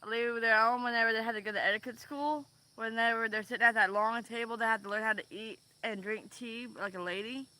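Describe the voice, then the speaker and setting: A woman chatting casually on a vlog, meandering and pausing often with ums and trailing sentences. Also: on the high side, fairly even intonation, bright, forceful tone. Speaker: vlogger. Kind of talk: rambling casual chat.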